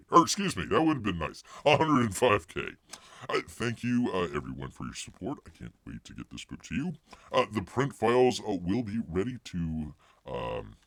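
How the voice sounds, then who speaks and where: A man's voice: on the low side, creaky, fairly bright tone, dry recording. A man hosting a casual livestream, rambling with jokey asides and calling himself by name in the third person. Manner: jokey asides and silly voices. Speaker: livestream host.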